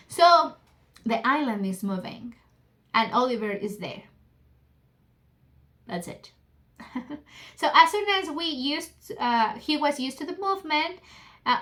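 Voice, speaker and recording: A woman from Mexico, teaching English in a relaxed way, reading a book aloud and explaining it with lots of fillers. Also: high voice. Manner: casual, explains with many fillers and Spanish glosses. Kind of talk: book club reading lesson.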